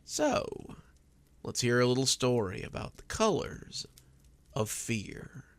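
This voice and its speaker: A man narrating scripted horror stories in an expressive, dramatic manner. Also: mid-range voice, slow.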